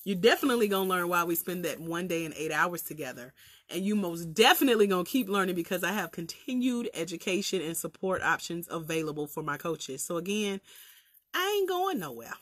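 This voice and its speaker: A woman's voice: on the low side, a little fast, no echo, clean studio sound. A woman with a Southern country accent, a life coach trainer talking casually and energetically to viewers on a livestream, laughing often and using colloquial phrasing. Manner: lively, chatty, preacherly.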